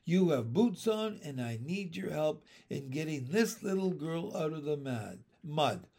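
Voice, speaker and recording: A man voicing a kind, patient female kindergarten teacher in a storybook reading, speaking gently and reassuringly. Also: a little high, big pitch swings, a little slow, full character voice.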